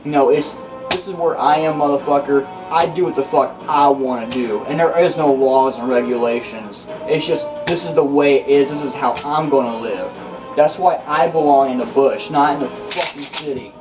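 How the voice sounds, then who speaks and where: A man's voice: mid-range voice, moderate pace. Rambling, cursing man, distant mic with music. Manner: boastful, profane, rambling with restarts. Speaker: channel host. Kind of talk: rambling casual vlog monologue.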